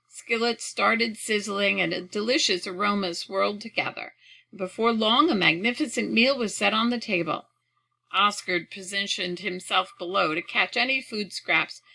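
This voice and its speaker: A woman reads a children's storybook aloud, clearly and with expression. Her voice is bright and forward, with a gravelly crackle at the bottom of her sentences. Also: mid-range voice, normal speed. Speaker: audiobook reader.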